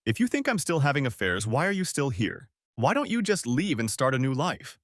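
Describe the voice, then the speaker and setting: A man playing a graying, middle-aged cheating husband who talks in a sharp, insistent way. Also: medium pitch, big pitch swings, fairly quick, dry recording, studio quality, voice pushed up, close to an everyday voice.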